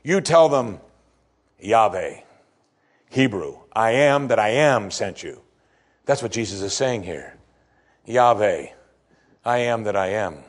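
Male pastor, husky tone, very expressive pitch, sermon delivery that drops low then bursts out. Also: slow, long pauses. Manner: animated preaching, swinging from soft asides to loud exclamations.

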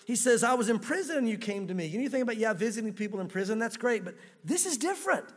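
Male pastor, very high voice, earnest sermon delivery with rhetorical questions, reverberant hall. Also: expressive, fast. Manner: earnest, speaks directly to listeners with rhetorical questions.

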